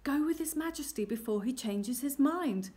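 A woman's voice: high voice, expressive, normal speed, mellow, voice pushed up. A woman doing an eager, cunning old weaver. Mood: coaxing. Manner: eager, coaxing. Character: poor old weaver father, cunning and fond.

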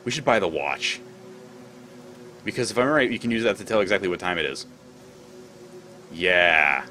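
A man's voice: deep voice, lively intonation, normal speed, sharp tone, soft background music. Rambling, swearing let's-play man. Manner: rambling, swears freely, thinks aloud. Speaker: gameplay commentator.

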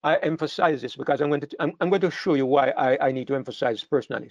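A man preaching a sermon, emphatic, rising sharply in pitch and volume on key phrases and often restarting his words. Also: fast talker, few pauses, no room sound, muffled recording.

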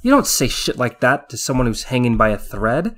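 A man's voice: medium pitch, big pitch swings, brisk, a bit bright. A man doing a scolding female army medic. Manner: scolding and exasperated. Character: sharp-tongued female army medic veteran.

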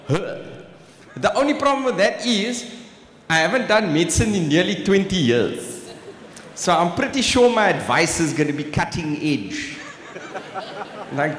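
A man's voice: high voice, very animated, a little slow, a bit bright. A man in his forties with a South African accent doing live stand-up in a large hall, teasing the crowd. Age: 40s. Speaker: stand-up comedian. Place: large exhibition hall stage. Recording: echoey hall with room ambience.

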